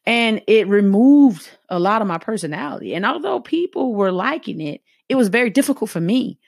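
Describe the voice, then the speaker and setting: A woman's voice: mid-range voice, lively intonation, moderate pace, creaky, no echo, clean studio sound. A middle-aged woman with a Southern US accent giving an earnest, conversational motivational talk to her viewers and voicing her own inner thoughts as she goes. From American South. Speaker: motivational speaker.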